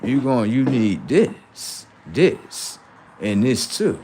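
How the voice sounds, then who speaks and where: A man's voice: mid-range voice, sing-song, extremely slow, dark tone, a little hiss or hum, full character voice. A man voicing the bossy inner voice of his own mind, scolding and pushy.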